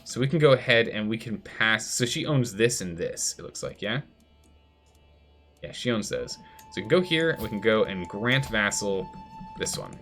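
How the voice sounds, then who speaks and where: A man's voice: fairly low pitch, animated, moderate pace, fairly bright tone, faint music behind. A man streaming a strategy game live, chatty, thinking aloud and answering chat as he plays. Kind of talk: live gameplay commentary.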